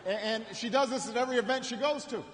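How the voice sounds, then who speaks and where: Man, political rally speech, storytelling, repeats words, high voice, long arena echo. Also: a bit bright, a little hiss or hum. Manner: repeats words and restarts, builds stories with dramatic pauses. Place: large indoor arena. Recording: echoing arena with faint ambience.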